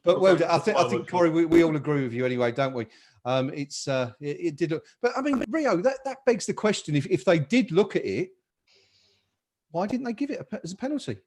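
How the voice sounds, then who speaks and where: A man's voice: a little high, very animated, a little fast, darkish tone. A man hosting a live football chat stream, upbeat and reading out viewer comments. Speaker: podcast host.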